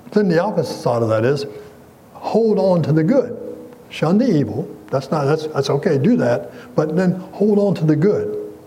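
A man's voice: fairly high pitch, dark tone, slight background noise, low-quality recording. A man preaching a sermon as pastor, earnest and emphatic, quoting scripture and asking the congregation questions.

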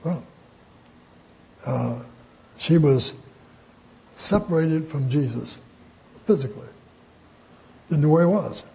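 Older man teaching a mellow Bible lesson. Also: on the high side, animated, creaky, husky, rough recording. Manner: halting, frequent fillers, folksy and conversational. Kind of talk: informal Bible study teaching.

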